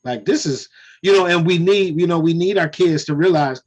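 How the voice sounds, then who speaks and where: A man speaks in a slightly raised voice, unhurried and reflective. He sprinkles "you know" and "man" through a casual group conversation. He is heard through a video call. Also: a little high, a little mellow, highs cut off. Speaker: discussion participant.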